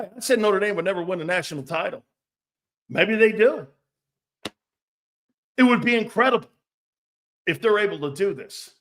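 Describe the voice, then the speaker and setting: A man hosting a sports talk show, rambling and joking with frequent laughs, blunt and a bit profane. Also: high voice.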